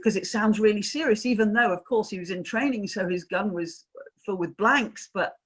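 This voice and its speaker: A woman's voice: mid-range voice, fairly quick. A woman in her fifties giving an online workshop as a trainer, telling stories in a chatty way and asking her audience questions over a video call.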